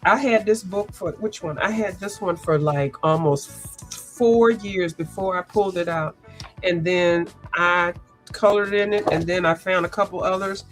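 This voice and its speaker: A woman, chatting casually and rambling as she hosts a coloring livestream, sounding congested and clearing her throat. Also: on the low side, measured pace, soft background music. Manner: chatty, rambling, lots of asides and restarts. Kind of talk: casual chat.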